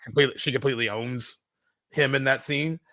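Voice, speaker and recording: A man's voice: mid-range voice, fairly even intonation, a little fast, bright, forceful tone, dry recording. A man co-hosting a podcast, chatting casually and keenly about a film, with lots of filler words and restarts. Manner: enthusiastic, many "like" fillers and restarts. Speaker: podcast co-host.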